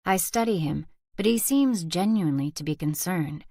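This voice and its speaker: A woman reading a first-person thriller audiobook aloud as narrator in a soft, steady whispered role-play. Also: on the low side, moderate pace, creaky, no echo, studio quality. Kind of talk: scripted narration.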